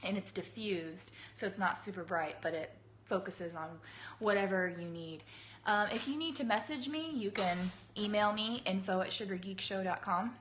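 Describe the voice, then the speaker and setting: Thirties woman, husky cold-roughened voice, casual livestream host, mid pitch, light background noise. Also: moderate pace, fairly bright tone. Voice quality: husky, low. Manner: chatty, laughing, greets viewers by name. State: hoarse from a cold. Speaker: cake artist hosting a livestream. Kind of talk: casual live-stream chat. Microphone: phone livestream.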